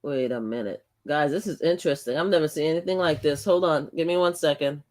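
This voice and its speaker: Speaking a little fast in a low, slightly mellow voice, an older woman hosts a casual live stream. She is blunt and outspoken, animated in her chatter, repeating herself and laughing a lot.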